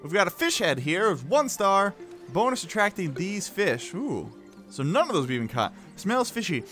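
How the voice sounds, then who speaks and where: An excitable, playful man talks his way through a fishing game, laughing and chatting to the fish as he goes. His voice sits high and swoops lively up and down. Faint music plays underneath. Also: moderate pace. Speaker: gaming video host. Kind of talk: playing a VR fishing game with running commentary.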